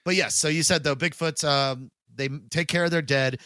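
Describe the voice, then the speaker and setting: A man's voice: on the high side, fairly even intonation, moderate pace, pushed and bright, no echo. A man co-hosting a podcast in casual chat, rambling with lots of fillers, swearing loosely and laughing often. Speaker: podcast co-host.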